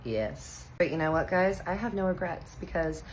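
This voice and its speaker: A woman in her thirties from Texas, telling a funny personal story in a casual, animated way, acting out the voices and swearing playfully. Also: fairly low pitch, fairly quick, slight background noise, low-quality recording. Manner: animated, acts out quoted voices, playful cursing.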